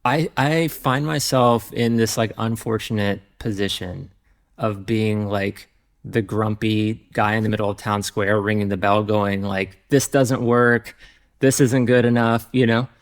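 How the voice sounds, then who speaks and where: Gravelly-voiced man, candid and rambling. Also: on the low side, steady tone, measured pace. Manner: candid, rambling, lots of fillers and restarts. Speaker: software founder and guest. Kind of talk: casual podcast interview.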